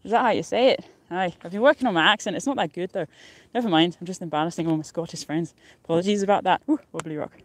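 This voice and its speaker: A woman's voice: lowish voice, quick pace, few pauses, dry recording. A young woman vlogging live from a mountain top, chatting casually and cheerfully, rambling and laughing often. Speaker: outdoor vlogger. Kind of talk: casual live-stream chat.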